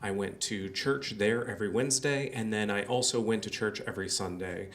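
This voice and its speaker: A man's voice: lowish voice, brisk, fairly bright tone. A man telling a personal story on a small theater stage in a plain conversational way. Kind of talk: live storytelling.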